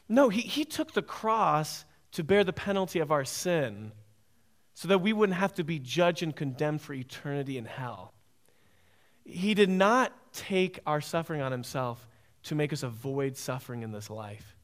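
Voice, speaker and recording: Man preaching, kinda high voice, keeps repeating lines for emphasis, says "right?" a lot. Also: lively intonation, moderate pace. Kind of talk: sermon.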